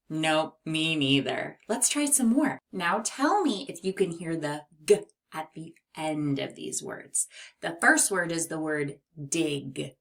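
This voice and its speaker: A woman teaching young children a phonics lesson, speaking clearly and encouragingly. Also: low voice, fairly bright tone. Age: adult.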